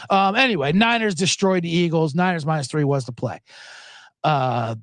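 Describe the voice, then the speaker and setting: A man's voice: fairly high pitch, moderate pace, no room sound. A man hosting a sports podcast, ranting with profanity, chuckling asides and plenty of energy. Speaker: podcast host. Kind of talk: profane sports commentary rant.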